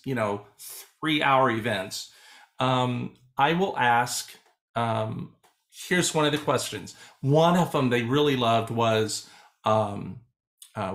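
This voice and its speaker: A man who teaches choir, talking casually on a video call and acting out his students' voices as he tells stories. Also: medium pitch. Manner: animated storyteller, acts out quoted students. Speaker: choral music educator.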